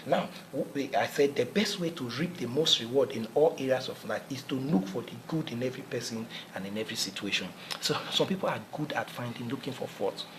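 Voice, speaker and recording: A man's voice: medium pitch, expressive, brisk, few pauses, noisy background. A man giving a motivational talk in an earnest, repetitive, preacherly manner, often restarting his phrases. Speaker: motivational speaker.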